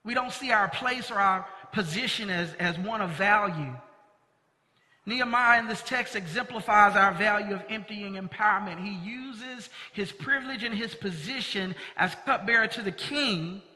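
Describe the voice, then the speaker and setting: A male pastor with a fairly high, very bright and forceful voice, preaching earnestly and stressing key words. His voice rings out with a long reverb in a church sanctuary. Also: normal speed. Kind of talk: sermon. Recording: long reverb of a large hall.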